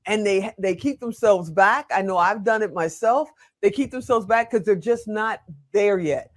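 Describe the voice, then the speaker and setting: A woman's voice: mid-range voice, normal speed, few pauses. An older woman hosting an interview show, gushing over her guest and speaking frankly about herself. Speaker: host. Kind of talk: enthusiastic interview host chat.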